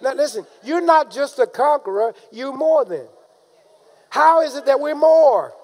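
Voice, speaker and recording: A man preaching a sermon, calling out to the congregation and rising into shouted emphasis. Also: very high voice, expressive, unhurried. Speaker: pastor.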